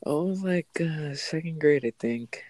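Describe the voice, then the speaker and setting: A man's voice: on the high side, measured pace, darkish tone, dry recording. Teasing man with dry close sound. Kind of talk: casual chat.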